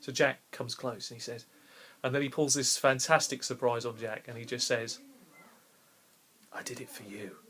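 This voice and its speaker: A man's voice: medium pitch, steady tone, moderate pace, fairly bright tone. A man, a game master recounting a favourite role-play session in a rambling, enthusiastic way. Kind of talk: casual storytelling to camera.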